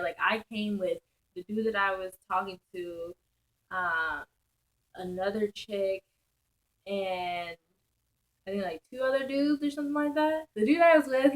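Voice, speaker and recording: A young woman vlogger recounts a crazy night out in loose, slangy storytime fashion. She speaks slowly, with a voice that sits a little high. She stays animated and breaks into laughter often. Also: poor audio. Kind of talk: casual storytelling.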